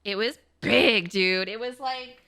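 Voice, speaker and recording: A young woman hosting a podcast, telling a story in casual chat, animated and profane, with lots of "like" fillers. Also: on the high side, slow pace, vocal fry, clear, resonant tone. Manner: animated, acts out quotes in the story. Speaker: podcast host. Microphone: podcast mic.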